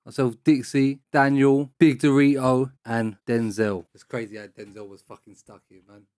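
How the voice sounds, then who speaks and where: A man's voice: mid-range voice, flat delivery, moderate pace, darkish tone. A young man hosting a casual podcast chat, telling stories animatedly in slang and swearing freely. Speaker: podcast host.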